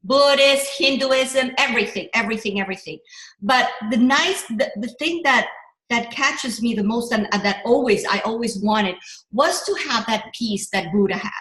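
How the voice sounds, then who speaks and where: Animated woman coach in an echoey room. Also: fairly high pitch, moderate pace. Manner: animated, rambling, with restarts and self-corrections. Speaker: business coach. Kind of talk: motivational workshop talk.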